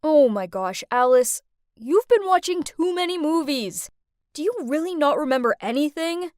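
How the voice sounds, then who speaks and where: A woman voicing a creepy young male boyfriend who sounds falsely gentle, speaking softly and coaxingly in an animated story. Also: high-pitched, moderate pace, dry recording, clean studio sound. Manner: soft, coaxing, sugary.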